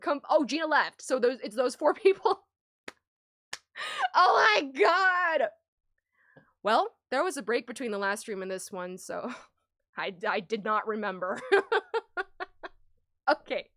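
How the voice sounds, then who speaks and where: Giggly, high-voiced young woman streamer. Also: moderate pace, long pauses, no echo, clean studio sound. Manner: giggly, flustered, chatty. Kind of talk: casual let's-play commentary.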